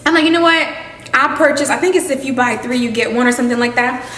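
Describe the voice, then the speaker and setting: A woman's voice: high-pitched, fast talker, a bit bright, echoey room, distant mic, low-quality recording. Woman, chatty vlogger, cooking at home, hums over food, ambient household noise. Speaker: lifestyle vlogger. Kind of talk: casual chat to camera while cooking. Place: home kitchen.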